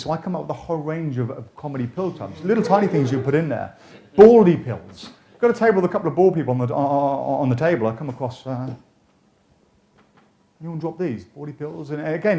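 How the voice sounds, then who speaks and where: A man's voice: fairly high pitch, expressive, fast talker, mellow. A man lecturing fellow magicians in a chatty, jokey way, often restarting his sentences. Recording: echoey room.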